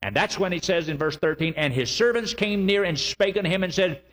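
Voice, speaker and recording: A man preaching a sermon, emphatic and repetitive, with sudden loud rises and slow, drawn-out lines. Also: high voice, big-room sound.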